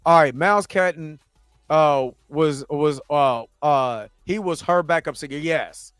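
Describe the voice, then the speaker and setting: A man's voice: on the high side, measured pace, a bit bright, clean tone, no echo, clean studio sound, soft background music. A man hosting a casual livestream, reading chat and talking in a laid-back, chatty way. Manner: laid-back, chatty, often laughing and trying voices.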